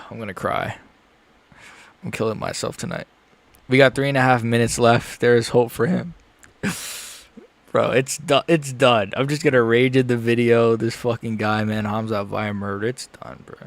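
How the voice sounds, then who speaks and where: A young man reacting live to a fight he is watching, frustrated and ranting, dropping to mutters and rising to yells. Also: mid-range voice, fairly even intonation, a little slow, creaky, long pauses. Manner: frustrated, swings between muttering and yelling.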